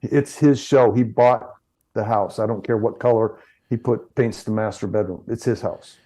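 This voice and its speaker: A middle-aged man with a mellow, warm voice, talking through his experience in an interview. He tells stories freely, restarting phrases and repeating words as he goes. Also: on the low side, fairly even intonation, normal speed. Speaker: chiropractor guest. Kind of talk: interview conversation.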